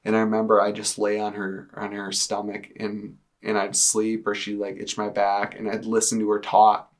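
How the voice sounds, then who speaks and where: Low, flat-voiced young man telling his story. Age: 20s. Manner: casual, halting, many "like" fillers. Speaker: testimony speaker. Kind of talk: personal testimony to camera. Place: indoors, speaking to a camera.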